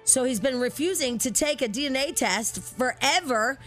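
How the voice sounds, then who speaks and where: Woman cohost spilling celeb gossip, lively, chatty, music faint in back. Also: high-pitched, normal speed. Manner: animated storytelling. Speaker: talk show co-host. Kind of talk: casual gossip chat.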